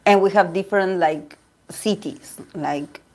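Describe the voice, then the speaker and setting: A woman's voice: lowish voice, unhurried. Chatty Argentine woman, rambling livestream talk. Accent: Argentine Spanish. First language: Spanish. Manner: chatty and rambling, with frequent laughs and restarts. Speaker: tarot reader and channel host. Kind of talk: casual livestream chat with viewers.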